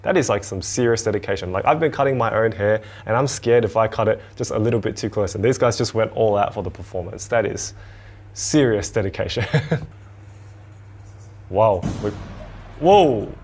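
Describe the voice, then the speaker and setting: A man in his twenties hosts a casual reaction video from a home studio, chatty and excitable, laughing often. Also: fairly low pitch, moderate pace. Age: 20s. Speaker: host. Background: marching percussion show playing.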